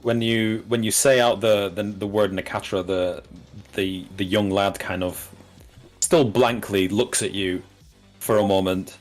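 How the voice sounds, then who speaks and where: A man's voice: fairly low pitch, fairly even intonation, a little slow, soft background music. A man running a tabletop game as game master, narrating in a hesitant way with many fillers and restarts.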